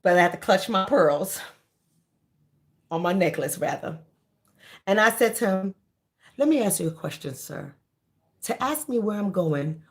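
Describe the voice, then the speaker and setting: Candid, emphatic woman, a storyteller with a lively up-and-down voice. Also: lowish voice. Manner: animated, candid, repeats phrases for emphasis. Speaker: vlogger. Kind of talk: casual storytelling monologue.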